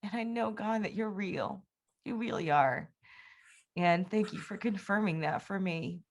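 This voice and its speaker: A woman's voice: medium pitch, unhurried. A young woman, an interview guest, telling a personal testimony in a candid, rambling way, full of fillers and restarts. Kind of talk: personal testimony in casual conversation.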